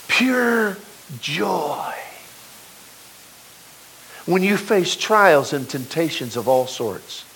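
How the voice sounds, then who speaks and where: A man in his forties delivers a sermon in a high, lively voice that climbs and drops sharply. He stresses key words and repeats them for force, and he speaks into a clip-on mic. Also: slight background noise, rough recording. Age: 40s. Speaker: preacher.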